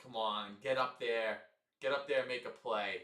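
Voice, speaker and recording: A man's voice: mid-range voice, fairly even intonation, moderate pace, echoey room, recorded from a distance. Frustrated young man swearing through commentary. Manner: frustrated, swearing, loud outbursts. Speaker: livestream commentator. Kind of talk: casual live game commentary.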